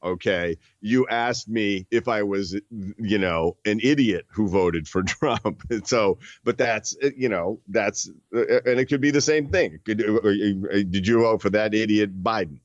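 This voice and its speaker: A man's voice: fairly low pitch, no room sound, lo-fi sound. A man talking as a guest in a casual interview, full of restarts and fillers, from the northern United States. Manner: halting, many restarts and fillers. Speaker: guest author.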